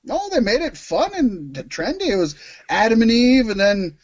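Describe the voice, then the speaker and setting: A man's voice: very high-pitched, sing-song, normal speed. A man co-hosting a casual wrestling podcast, rambling and joking with frequent laughter. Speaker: podcast co-host. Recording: dull lo-fi sound, dry.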